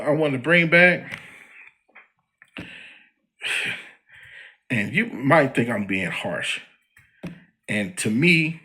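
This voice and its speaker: A man delivers a one-man podcast rant in a loose, slangy street register, talking straight at the person he criticizes. His voice sits a little high and sounds bright and forward, and his pitch leaps around a lot as he argues. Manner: slangy and animated, addressing a celebrity directly. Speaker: podcast host. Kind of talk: ranting commentary monologue.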